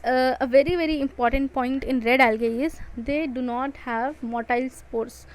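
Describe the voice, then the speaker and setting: A woman's voice: sits high, steady tone, moderate pace, low-quality recording. A woman with an Indian English accent giving an exam-prep biology lecture, repeating and stressing key points. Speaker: biology teacher.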